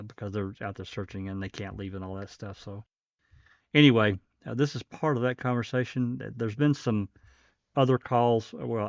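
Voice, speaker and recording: A man's voice: lowish voice, gravelly, dry recording. Rambling man hosting a stream. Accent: faint Southern American. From American South. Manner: rambling, halting, many fillers. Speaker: livestream host. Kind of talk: casual commentary. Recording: dull dry lo-fi stream.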